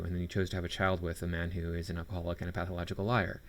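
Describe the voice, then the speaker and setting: A man's voice: low-pitched, monotone, very fast. A man commenting on a video clip, talking in a sarcastic, scornful way. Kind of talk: reaction commentary.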